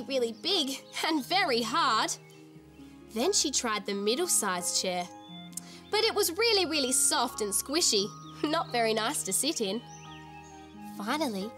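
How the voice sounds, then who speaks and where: A woman hosting a children's TV show, telling a fairy tale in a giggly, sing-song way. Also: on the high side. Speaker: storyteller host. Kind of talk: children's TV storytelling.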